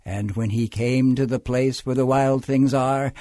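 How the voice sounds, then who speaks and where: A man reading a children's picture book aloud, acting it out with big swings from loud calls to hushed drops. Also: mid-range voice, slow pace, dry recording, studio quality. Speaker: storyteller.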